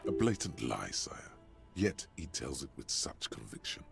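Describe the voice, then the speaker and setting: A man voicing the deep, dry inner voice of a detective's mind in a video game, calmly commenting on what others say. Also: a little slow, over music, full character voice. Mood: knowing. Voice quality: gravelly. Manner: calm, wry commentary on others' lies. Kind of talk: game voice acting.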